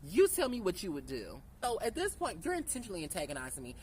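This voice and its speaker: A woman's voice: fairly low pitch, quick pace, slight background noise, low-quality recording. A young woman vlogger telling a casual, candid storytime, swearing freely and acting out the dialogue. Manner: candid, profane, animated retelling with quoted dialogue.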